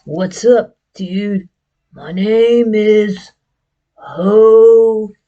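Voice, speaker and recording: A woman's voice: mid-range voice, steady tone, very slow, muffled recording. A woman voicing a laid-back puppet dude.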